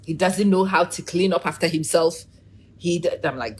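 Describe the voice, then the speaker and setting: A middle-aged woman giving a casual, animated opinion monologue, preachy and teasing, calling out to viewers by name. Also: fairly low pitch, moderate pace, a little hiss or hum. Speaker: vlogger.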